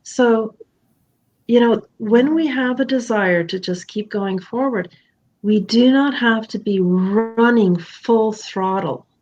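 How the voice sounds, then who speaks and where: A woman hosting a candid conversation, talking in an animated, emphatic and playful way. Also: fairly high pitch, slow, highs cut off. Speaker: podcast host.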